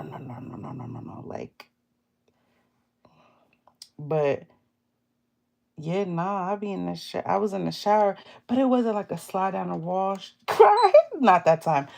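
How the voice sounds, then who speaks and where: A young woman, chatting candidly to her viewers while doing her nails, laughing often and acting out what she said to others. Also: lowish voice. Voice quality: gravelly vocal fry. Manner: candid, laughing often, quotes herself in lively voices. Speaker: beauty vlogger. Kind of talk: casual storytime chat.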